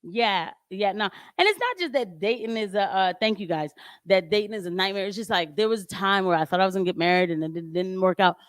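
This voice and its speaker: A woman's voice: mid-range voice, fast, no echo, clean studio sound. A woman doing casual, emphatic livestream commentary on a home microphone, talking animatedly and laughing often. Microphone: home microphone with audio trouble.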